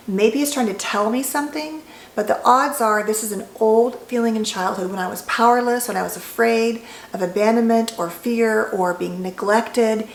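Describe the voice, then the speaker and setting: A woman psychologist giving an educational talk to camera, calm and gently reassuring. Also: a little high, moderate pace, roomy sound, poor audio. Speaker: licensed psychologist.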